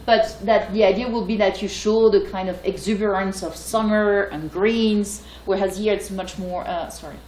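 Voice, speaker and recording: A woman's voice: medium pitch, steady tone, moderate pace, few pauses, darkish tone, slight background noise. French woman lecturing, hesitant, echoey. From France. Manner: hesitant, many fillers and restarts. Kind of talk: academic lecture.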